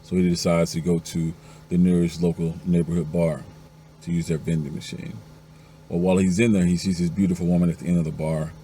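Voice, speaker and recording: Deep-voiced man telling jokes. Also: level tone, fairly quick, dark tone, slight background noise. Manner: acts out the jokes' characters, going up to a high pitch for the wives. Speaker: joke teller.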